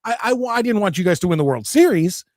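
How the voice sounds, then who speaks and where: A man hosting a live sports talk show, chatty and excited, reading viewer comments aloud. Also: high-pitched, quick pace, no echo. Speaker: host.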